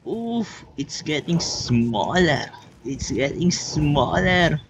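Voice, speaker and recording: A man who speaks English as a second language, giving excitable casual gameplay commentary full of oohs and counting aloud. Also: mid-range voice, unhurried, a little hiss or hum. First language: not English. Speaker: gameplay video creator.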